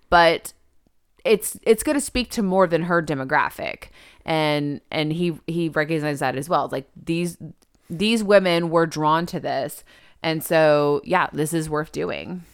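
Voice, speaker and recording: A woman co-hosting a casual podcast chat, recapping a TV show and quoting characters in bright, exaggerated voices. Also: fairly low pitch, clean tone, no echo, studio quality. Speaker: podcast co-host.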